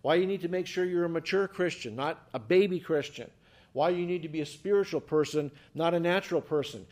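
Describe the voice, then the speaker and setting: A male pastor delivers a sermon with a slightly high-pitched voice. He talks emphatically, repeating words and restarting phrases, and keeps putting rhetorical questions to his listeners. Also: brisk, a little mellow.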